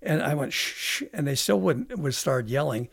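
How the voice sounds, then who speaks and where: A man, a veteran guest on a podcast, telling a long story in a halting way with many restarts. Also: on the high side, animated, creaky, no echo, studio quality. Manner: halting, with frequent restarts and fillers. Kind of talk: casual storytelling interview.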